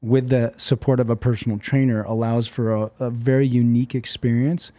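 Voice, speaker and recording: A man who runs a fitness franchise, telling his story in a casual interview with an animated manner and lots of fillers. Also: medium pitch, fairly quick, no echo.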